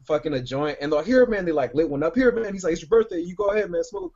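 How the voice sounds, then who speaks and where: A man spins a long, meandering story for his podcast co-hosts, cursing freely and tossing in "like" and "right?" at every turn. His voice sits a bit high for a man. The recording sounds dull and lo-fi. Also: big pitch swings, very fast, vocal fry, a little mellow. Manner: rambling, profane, lots of "like" and "right?". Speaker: podcast co-host. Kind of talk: casual storytelling.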